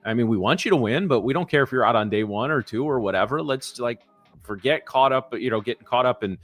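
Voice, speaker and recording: A man co-hosting a live trading show in loose, excitable casual chat, often repeating himself. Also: mid-range voice, quick pace, dry recording.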